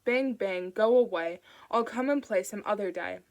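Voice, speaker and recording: A woman voicing a calm, falsely kind sinister man who speaks in a patronizing tone. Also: medium pitch, moderate pace, natural voice. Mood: smooth patronizing.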